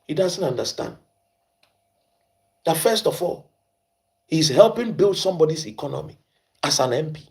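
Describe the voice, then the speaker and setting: A man with a Ghanaian accent delivers an impassioned, preachy commentary. His voice swings widely and sits a little high. He hammers his points by repeating phrases and slips into Twi. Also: sing-song, moderate pace, gravelly, pauses often. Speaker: host.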